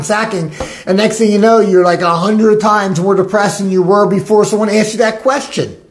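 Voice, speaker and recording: A life coach giving a motivational talk, animated and acting out the inner voices of listeners. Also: medium pitch.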